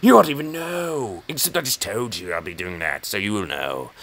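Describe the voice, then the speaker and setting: A man's voice: lowish voice, lively intonation, moderate pace, creaky, a bit bright. A man with an English accent, rambling and mocking himself as he comments on his own chess game. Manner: rambling, self-mocking, talks to himself and the opponent. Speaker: chess channel host.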